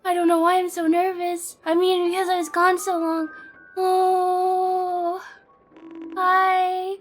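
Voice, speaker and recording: High-pitched bright woman streamer, nervous and stammering, slow-talking, faint music behind. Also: monotone. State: shaky and near tears. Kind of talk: live stream chat with viewers.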